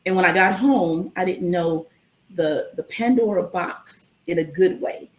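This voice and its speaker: Animated woman telling a story, roomy sound. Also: fairly low pitch, unhurried. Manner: animated storyteller with frequent ums and restarts. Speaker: guest. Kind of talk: casual storytelling in a live-streamed interview.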